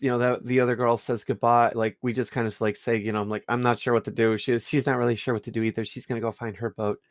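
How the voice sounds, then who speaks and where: A man's voice: mid-range voice, dry recording, clean studio sound. A young man on a podcast, casually telling a rambling gaming story full of fillers and restarts. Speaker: podcast co-host. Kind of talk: casual storytelling about a game.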